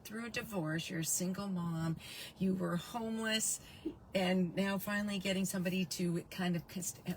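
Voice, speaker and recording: Woman interview host, encouraging and affirming, mid-pitched voice, faint hiss. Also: steady tone, normal speed.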